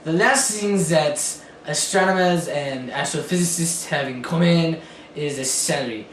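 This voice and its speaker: A man's voice: a little high, measured pace, roomy sound, slight background noise, lightly acted. A young man playing an astrophysicist in an amateur skit, speaking matter-of-factly with some hesitations. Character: male astrophysicist who claims to be German.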